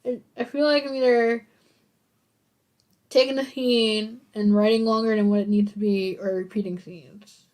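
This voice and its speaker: A woman's voice: fairly high pitch, steady tone, moderate pace, darkish tone. A woman co-hosting a podcast in casual chat, playful and rambling with goofy asides. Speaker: podcast co-host.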